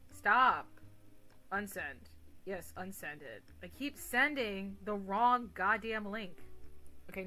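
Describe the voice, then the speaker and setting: A woman's voice: medium pitch, bright, forceful tone. A woman streamer chatting casually with her viewers, rambling, giggly and crude, often mocking herself. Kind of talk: casual livestream chat. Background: faint music.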